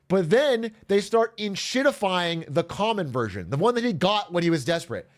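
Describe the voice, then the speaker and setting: A man's voice: sits high, moderate pace, few pauses. A man streaming to his chat, casually retelling an episode with lots of laughter and acted-out voices. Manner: animated storyteller, acts out characters, laughs often, swears.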